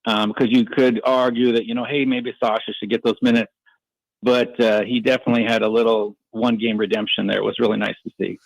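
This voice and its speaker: Casting: mid-pitched male caller, gravelly voice, halting filler-heavy speech, dry sound. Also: flat delivery, no echo, low-quality recording. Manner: hesitant, filler-laden. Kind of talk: call-in comment.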